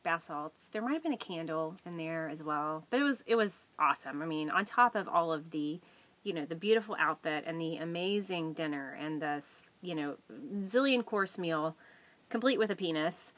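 A woman in casual conversation, telling a shared story in a lively way with frequent laughter. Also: low-pitched, normal speed.

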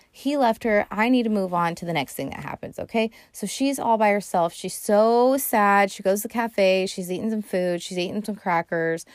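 A woman's voice: mid-range voice, a little mellow, dry recording, studio quality. A woman hosting a podcast, casually recapping a movie in a chatty, sarcastic way with lots of swearing and fillers. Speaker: podcast host.

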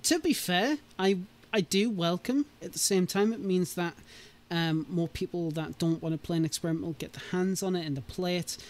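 Male streamer, slightly high voice, rambling and easygoing, laughs a lot. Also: moderate pace, hardly any pauses. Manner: rambling, hesitant, laughs often. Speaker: streamer hosting a modding chat. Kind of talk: casual livestream chat.

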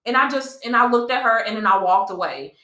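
Young woman, podcast co-host, bright voice, emphatic and repetitive, echoey room. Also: on the high side, expressive, fairly quick. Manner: passionate, emphatic, repeats herself. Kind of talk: casual chat.

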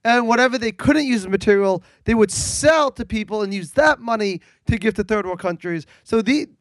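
A man's voice: high-pitched, expressive, fairly quick, no room sound. A young man co-hosting a casual podcast, rambling with many restarts and some swearing. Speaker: podcast co-host. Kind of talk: casual chat.

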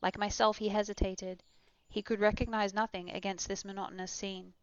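A woman reading a classic novel aloud, telling the story in a steady first-person voice. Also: medium pitch, fairly quick, no room sound. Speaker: audiobook reader. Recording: dull, dry recording.

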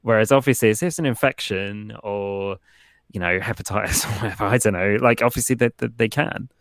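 A man's voice: lowish voice, brisk, dry recording. A man co-hosting a podcast, chatting in an easygoing, reflective way. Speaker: podcast co-host. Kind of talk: casual chat.

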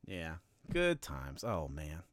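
Laughing, chatty male podcast host, smooth dry voice. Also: extremely low pitch, huge pitch swings, takes it slowly, no echo. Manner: chatty and laughing, with frequent fillers. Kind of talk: casual podcast chat.

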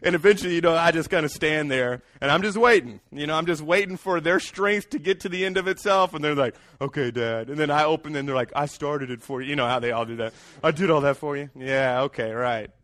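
A man delivers a sermon, often asking the congregation to answer back. His voice sits somewhat high. The sound is dry and close. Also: quick pace, few pauses, a bit bright, no room sound. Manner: calls out to the congregation for responses. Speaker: pastor.

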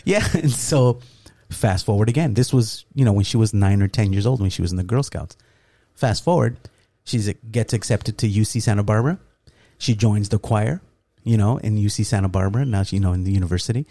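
Middle-aged man, lively co-host storyteller, warm low-bright tone, casual podcast. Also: fairly quick. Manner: animated, acts out quoted dialogue, laughs often.

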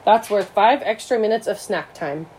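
A woman voicing a cheerful male schoolteacher talking gently with a student. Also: mid-range voice, moderate pace, slight background noise, natural voice, poor audio. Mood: upbeat.

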